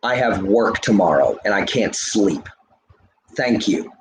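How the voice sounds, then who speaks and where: A man's voice: lowish voice, animated, unhurried, roomy sound, a little hiss or hum. A man livestreaming, ranting at his chat in a heated, profane, lecturing way while smoking a cigarette. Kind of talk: live stream rant to chat.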